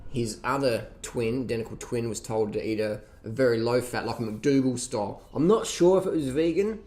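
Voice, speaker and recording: A man's voice: medium pitch, fairly quick, a little mellow. A man ranting casually and profanely, mocking others with laughs as he reacts to a documentary. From Australia. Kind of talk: casual rant.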